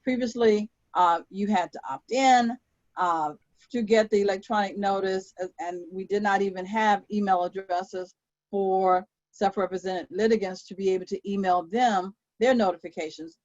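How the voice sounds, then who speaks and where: A woman's voice: medium pitch, steady tone, normal speed, a little mellow, no room sound, dull audio. A woman court clerk moderating a webinar, reading out questions and answering them with frequent ums and uhs. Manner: reads out questions, then answers with many fillers. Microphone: video call.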